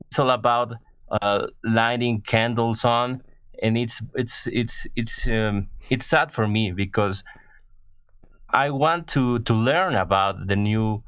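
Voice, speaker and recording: A man from Mexico with a Mexican Spanish accent, calling in to a show and speaking slowly and haltingly as he searches for words. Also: medium pitch, a bit bright, clear, resonant tone, dry recording. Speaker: caller. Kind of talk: casual call-in chat.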